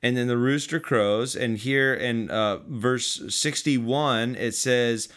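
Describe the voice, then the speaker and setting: Unhurried man reading and preaching. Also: medium pitch, a bit bright. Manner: unhurried, reflective, with fillers and pauses. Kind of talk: Bible reading and sermon.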